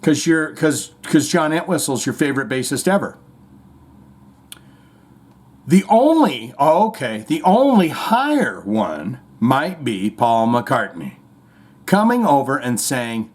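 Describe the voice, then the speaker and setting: A man's voice: mid-range voice, very animated, unhurried. A man hosting a podcast, giving comedic commentary with sarcastic, mocking asides. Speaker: podcast host. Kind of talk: comedic commentary on played clips.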